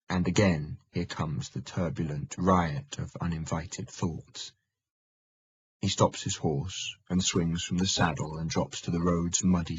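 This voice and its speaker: A man narrating a historical audiobook in a measured, steady manner. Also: low voice, husky, no echo, lo-fi sound. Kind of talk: scripted narration.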